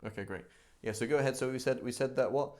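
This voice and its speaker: Man, religious teacher, live class, conversational, animated, mid pitch. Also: fast. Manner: conversational, animated, acts out examples. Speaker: Islamic teacher.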